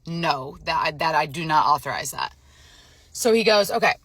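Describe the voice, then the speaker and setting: Emotionally drained woman with a bright voice. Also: deep voice, expressive, moderate pace, husky, dry recording. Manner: frazzled, emotional, retelling a phone scam with quoted dialogue. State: emotionally drained, near tears. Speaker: vlogger. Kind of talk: casual storytelling to camera.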